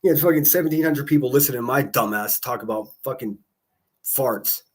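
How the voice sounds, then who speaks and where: A man chats on a livestream at an ordinary mid pitch. He rambles from one thing to the next, swearing freely and dropping jokey asides. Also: a little fast, breathy edge. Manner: rambling, profane, joking asides. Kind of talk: casual livestream chat.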